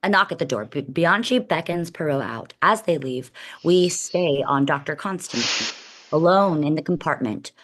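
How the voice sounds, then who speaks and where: A woman reading the stage directions at a table read in a plain, steady way. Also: deep voice, normal speed, slight background noise.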